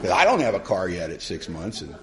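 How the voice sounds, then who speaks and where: A middle-aged man telling his recovery story to a live conference audience, in a humorous, colloquial, animated way. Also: low voice, brisk, some chatter behind. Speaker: AA speaker.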